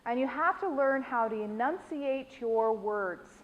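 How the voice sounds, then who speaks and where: A woman's voice: on the high side, expressive, measured pace, long reverb tail, muffled recording. American woman trainer quizzing a class. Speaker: dementia care trainer.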